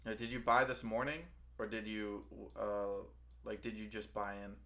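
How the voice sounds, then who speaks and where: A man's voice: fairly low pitch, steady tone, normal speed, fairly bright tone. A young man hosting a casual stream chat, rambling and calling people bro. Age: young adult. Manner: rambling, says bro, frequent restarts. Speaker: stream host.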